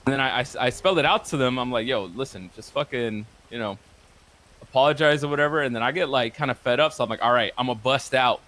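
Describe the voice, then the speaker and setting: Male streamer, casual profane storyteller, mid-range pitch, replays conversations line by line. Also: fast talker, fairly bright tone. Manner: rambling, profane, quotes others back and forth. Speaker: streamer recounting a roleplay session.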